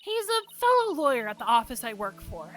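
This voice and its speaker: A woman voicing an upbeat, confident young woman lawyer in a game, reading her lines brightly. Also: on the high side, big pitch swings, fairly quick, faint music behind. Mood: cheerful.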